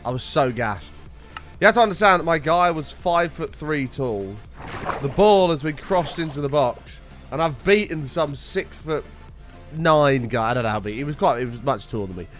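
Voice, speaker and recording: A young man chatting on a live gaming stream, with a fairly high voice that leaps up and down as he greets viewers and gets excited. His voice sounds slightly rough, and faint music plays underneath. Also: moderate pace. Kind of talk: casual gaming stream chat.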